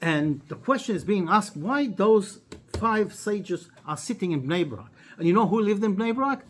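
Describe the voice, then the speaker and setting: Animated man teaching a lesson. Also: a little hiss or hum. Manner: animated storyteller, acts out dialogue with sharp pitch jumps; halting, frequent restarts and fillers. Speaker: rabbi teaching a weekly class. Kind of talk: animated Torah lesson with storytelling.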